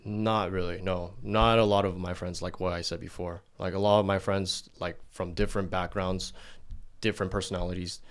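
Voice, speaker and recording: Blunt, swearing young man, lowish voice. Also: level tone, moderate pace. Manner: blunt and profane, acts out quoted people in a raised voice. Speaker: podcast host. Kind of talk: casual podcast debate.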